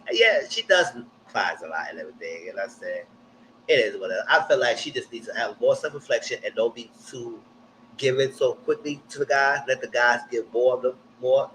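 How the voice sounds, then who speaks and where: A man giving a blunt, slangy live recap of a TV show, jumping up high in pitch when he quotes people. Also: slight background noise, poor audio. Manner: animated, jumps high when quoting people. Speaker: TV recap streamer. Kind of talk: live casual TV recap commentary.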